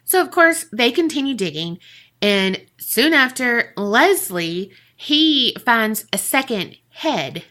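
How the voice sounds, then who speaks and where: A woman's voice: fairly high pitch, very animated, takes it slowly, sharp tone. A woman co-hosting a podcast, telling a story in a casual, profane way and laughing often. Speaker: podcast co-host.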